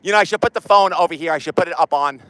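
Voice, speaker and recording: An excitable man vlogging outdoors on a city street, rambling loudly at a phone set down nearby. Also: fairly high pitch, very fast, dry recording, poor audio. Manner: excitable, loud and rambling, talks to his phone. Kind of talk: rambling comic street vlog. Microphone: phone camera set down nearby.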